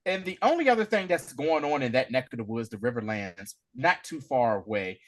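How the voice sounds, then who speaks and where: A man's voice: mid-range voice, lively intonation, brisk. A man co-hosting a casual TV recap podcast, laid-back and slangy, telling scenes with a laugh. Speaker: podcast co-host.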